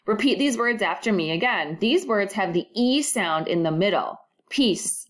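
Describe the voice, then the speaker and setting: A woman teaching a recorded first-grade phonics lesson, modeling sounds clearly and prompting children to repeat after her. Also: medium pitch, animated, normal speed, fairly bright tone.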